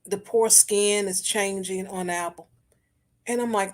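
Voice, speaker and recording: A woman hosting a casual chat show, talking in a chatty, animated way with African American English and sudden leaps in pitch. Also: a little slow. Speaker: host.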